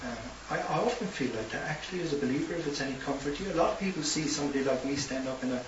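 A man's voice: a little high, racing. A man with an Irish accent preaching a sermon, telling stories and building to impassioned emphasis. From Ireland. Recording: roomy distant hissy lo-fi recording.

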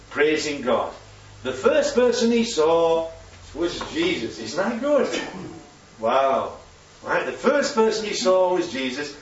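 Male preacher, interactive sermon, animated; high-pitched and lively; distant, dull recording. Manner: animated, asks the congregation questions. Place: church hall. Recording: echoey hall from far off, dull.

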